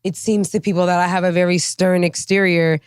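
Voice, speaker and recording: A woman's voice: on the low side, level tone, brisk, darkish tone, clean tone, no room sound, studio quality. A woman co-hosting a podcast in casual chat, talking in a reflective, open way about herself. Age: adult. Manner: reflective, open, many "you know what I'm saying". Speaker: podcast co-host.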